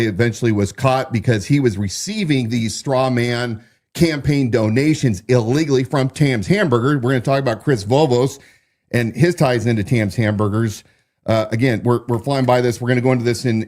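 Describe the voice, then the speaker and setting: A man delivers a loose political commentary monologue as host, at a mid-range pitch. He trips over his words now and then, restarting sentences and filling gaps with "uh". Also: a little mellow. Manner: restarts and fillers, stumbles over explanations.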